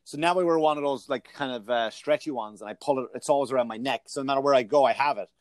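Male comic host, casual and profane, mid-pitched, dry close mic. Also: quick pace, dry recording. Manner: profane, animated storytelling. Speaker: podcast host, comedian. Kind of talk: casual chat.

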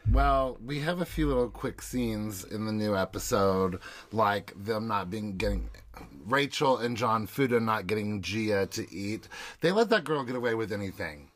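A man's voice: fairly low pitch, animated. Easygoing man recapping a show. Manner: brisk, easygoing recap narration. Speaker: podcast co-host. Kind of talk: casual chat recapping episodes.

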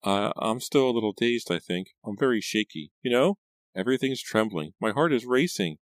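A man's voice: on the low side, lively intonation, moderate pace, no echo, studio quality, pitched above the performer's own voice, natural voice. A man voicing a frightened, shaky teenage girl in an audiobook, stammering and fretful.

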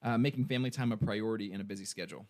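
A man's voice: lowish voice, rapid-fire. A man co-hosting a podcast who asks questions, laughs easily and keeps the chat moving. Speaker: podcast co-host.

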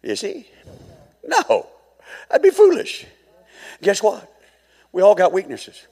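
A middle-aged male pastor preaching a sermon, swinging from hushed asides to fervent shouting. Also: sits high, wildly swooping pitch, slow, slightly rough, big-room sound.

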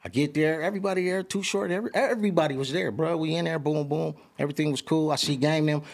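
High-voiced rapid man telling a story. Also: vocal fry. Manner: streetwise slang, acts out every quote. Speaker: interview guest. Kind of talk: animated storytelling.

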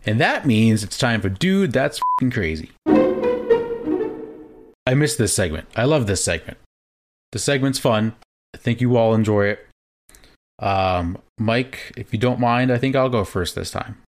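A young man with a fairly low, animated voice co-hosts a podcast at a moderate pace. He's laid-back, chatting casually and rambling a little with restarts, with faint music behind.

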